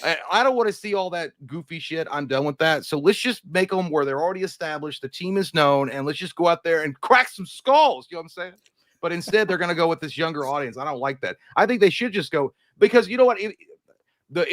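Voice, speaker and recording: A man co-hosting a casual movie news show, animated and rambling, swearing freely. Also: a little high, fairly quick, dry recording. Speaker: podcast co-host.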